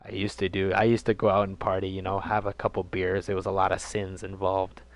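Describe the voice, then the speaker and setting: A man's voice: sits low, level tone, fairly quick. A young man mocking a smug self-righteous principal. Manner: mocking sanctimonious impression.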